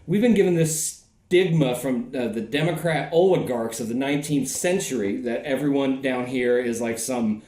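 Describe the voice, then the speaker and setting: A man's voice: mid-range voice, moderate pace, dark tone, echoey room. A man with a Southern US accent, rambling and swearing in a casual podcast chat, full of fillers. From American South. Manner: profane, rambling, filler-heavy. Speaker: podcast host.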